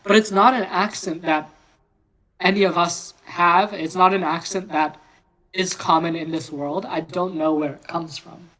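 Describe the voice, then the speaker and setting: A man taking part in a relaxed philosophical conversation. He speaks clearly and loudly, putting deliberate emphasis on his words and choosing each one with care. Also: sits high, poor audio. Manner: clear, loud, emphatic, careful speech. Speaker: discussion participant. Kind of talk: casual philosophical discussion.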